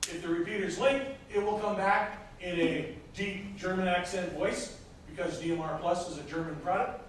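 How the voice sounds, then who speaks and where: A man with a somewhat high voice teaches a roomful of students, walking them through a procedure step by step. He stops often to hunt for the next word. A distant recorder in a very echoey classroom catches him, with a faint hiss underneath. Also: steady tone, moderate pace. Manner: explains step by step with frequent hesitations. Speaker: instructor. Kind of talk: classroom lecture. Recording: echoey room from far off, faint noise.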